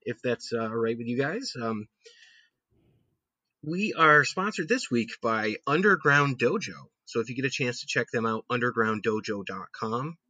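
Brief: husky male host, mid pitch, eager fan chat on a dry close mic. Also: pushed and bright, no echo. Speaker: podcast host. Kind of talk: casual chat.

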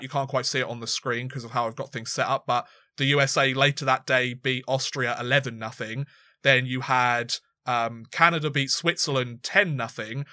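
Bright-voiced man talking sports. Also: mid-range voice, no room sound. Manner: rambling, many restarts and fillers. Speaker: podcast co-host. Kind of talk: casual sports discussion.

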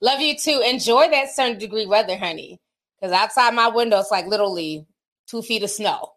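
A woman's voice: mid-range voice, fairly quick, a bit bright. A woman hosting a casual livestream, chatting candidly, laughing often and tossing in slangy asides as she reads viewer messages. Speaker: livestream host reading super chats.

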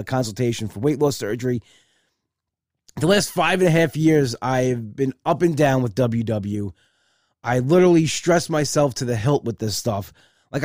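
A man's voice: medium pitch, darkish tone, dry recording, studio quality. A male comedian telling a story casually and chattily, acting out both sides with repeated "I said".

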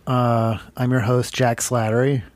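A man's voice: mid-range voice, little pitch movement, a little slow, a little mellow, no echo. A man hosting a comedy podcast, rambling loosely through bits with lots of fillers. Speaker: podcast host. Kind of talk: casual comedy podcast banter.

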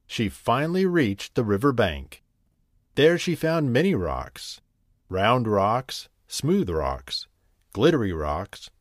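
Slow, gentle male bedtime storyteller. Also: medium pitch, no room sound, clean studio sound. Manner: gentle, unhurried, expressive reading. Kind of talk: scripted bedtime story narration.

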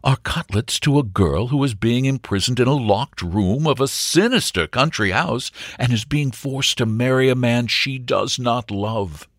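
A man voicing a brave, lovesick young gentleman who speaks in an earnest, mock-dramatic way. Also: mid-range voice, dry recording, studio quality, pitched above the performer's own voice.

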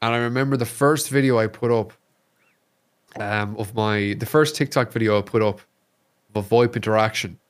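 An Irish man, a streamer guest on a podcast, chatting casually and telling animated stories, swearing freely. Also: fairly low pitch, moderate pace, smooth. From Ireland. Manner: animated storyteller, swears freely, acts out quotes.

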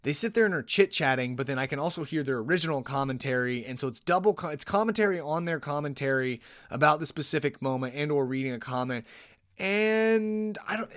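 A man hosting a podcast, telling rambling, animated stories and often cutting himself off. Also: fairly high pitch, fairly quick, no room sound, clean studio sound. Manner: rambling, animated, self-interrupting. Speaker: podcast host. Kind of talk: casual solo podcast storytelling. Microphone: podcast microphone.

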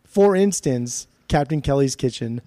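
A man's voice: medium pitch, measured pace, dry recording, clean studio sound. A man co-hosting a podcast, bantering and joking with lots of swearing while talking about music. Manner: joking, profane, animated. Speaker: podcast co-host. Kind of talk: casual banter.

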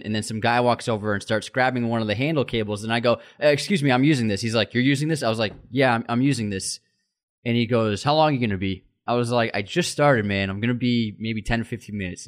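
Animated man telling a heated story. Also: on the low side. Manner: animated storyteller, acts out heated dialogue, many restarts. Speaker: podcast co-host. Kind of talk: casual chat, storytelling.

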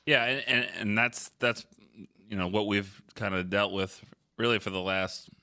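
A man's voice: fairly low pitch, steady tone, normal speed, sharp tone. A man co-hosting a casual sports talk show, reflective and rambling with restarts. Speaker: sports writer co-host.

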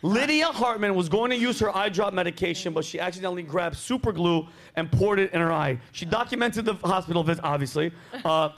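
A man's voice: high-pitched, a little fast, hardly any pauses, slight background noise. A middle-aged man hosting a podcast, telling stories casually and swearing freely. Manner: profane, animated storyteller. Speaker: podcast host. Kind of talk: casual chat.

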